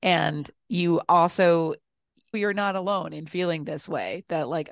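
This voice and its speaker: Woman, podcast co-host, easygoing chat, lower pitch, dry recording. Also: a little slow, vocal fry, dry recording. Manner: easygoing, laughs often, explains musical references.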